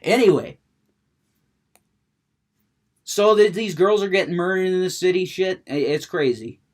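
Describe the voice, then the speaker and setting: A man's voice: high voice, unhurried. A man rambling about video games in a casual monologue, stammering, restarting sentences, cursing freely. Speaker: gaming vlogger.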